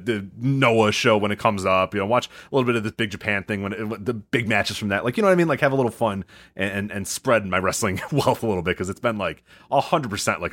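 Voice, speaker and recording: Lively, low-voiced podcast man. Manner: excitable and quick to laugh, swears. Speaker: podcast co-host. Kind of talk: casual podcast chat.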